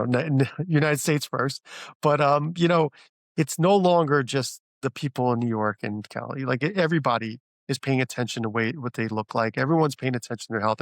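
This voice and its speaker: A middle-aged man talks through a casual business interview, circling his points with fillers and false starts. His voice sits at an ordinary pitch. The recording is close and dry. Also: no room sound. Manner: rambling, many fillers and restarts; animated when retelling stories. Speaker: franchise founder guest.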